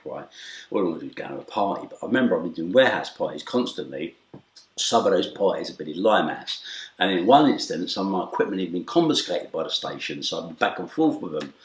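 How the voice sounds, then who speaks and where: Middle-aged man, very low voice, streetwise storyteller who shouts and hushes to act out the scene, echoey room. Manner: acts out quoted voices, swings from loud shouts to hushed asides; streetwise, swearing, repeated "right?". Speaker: interview guest. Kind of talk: animated storytelling.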